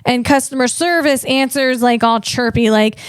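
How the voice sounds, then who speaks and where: A woman comedian hosting a tech podcast, talking in an animated way and tripping over her words. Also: high voice, normal speed, clean tone, dry recording, studio quality. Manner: animated, stumbling over words, acts out voices.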